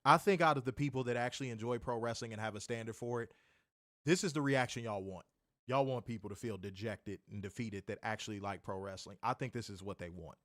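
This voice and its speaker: A man's voice: mid-range voice, brisk, a bit bright, no room sound, studio quality. A man co-hosting a wrestling review podcast, ranting in an exasperated way, swearing and repeating himself for emphasis. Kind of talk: casual chat.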